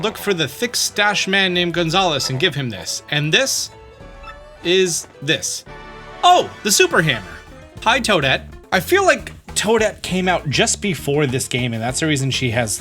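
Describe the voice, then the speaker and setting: A man's voice: on the high side, bright, forceful tone. A man giving chatty, upbeat walkthrough commentary at home, often reading game text aloud. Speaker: gaming YouTuber.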